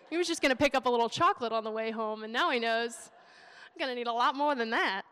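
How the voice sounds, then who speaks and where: A woman's voice: fairly high pitch, fast talker, bright, forceful tone, clear, resonant tone. A young woman giving a sermon in a chatty, emotional way. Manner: emotional, chatty, laughing preacher. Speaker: preacher. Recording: long hall reverb.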